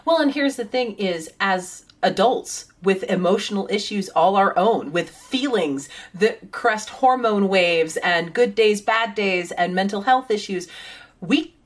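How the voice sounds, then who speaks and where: A woman speaking as a podcast guest, blunt and unafraid to curse as she chats casually. Her pitch sits mid-range, with an ordinary voice. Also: animated, a little slow. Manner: blunt and profane. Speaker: parent.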